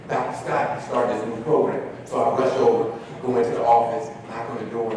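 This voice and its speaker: Man speaker, lively delivery, recorded from afar in a big reverberant hall. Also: medium pitch, moderate pace, background noise. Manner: animated storyteller acting out dialogue. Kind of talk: storytelling keynote talk. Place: large hall. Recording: echoey hall recording from far off.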